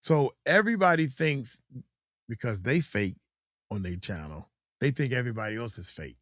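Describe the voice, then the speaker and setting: A middle-aged man talks in a loose, rambling way, like a coach chatting on a livestream. His pitch sits in an everyday middle range. The sound is dry and close, with no room echo. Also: sing-song, normal speed, a bit bright. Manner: loose, rambling, acts out quotes in mocking voices. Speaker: host and coach. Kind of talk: casual livestream chat.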